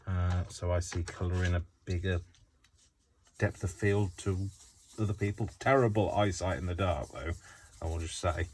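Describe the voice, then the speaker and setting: Deep-voiced chatty man crafting. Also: fairly even intonation, moderate pace, darkish tone, slight background noise. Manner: chatty, rambling, self-talking while working. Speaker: craft tutorial host. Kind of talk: casual crafting tutorial.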